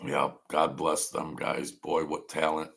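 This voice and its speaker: Slow, bright-voiced rambling man. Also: very deep voice, level tone, vocal fry. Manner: meandering, trails off and restarts, nostalgic. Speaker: livestream host. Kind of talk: rambling casual storytelling.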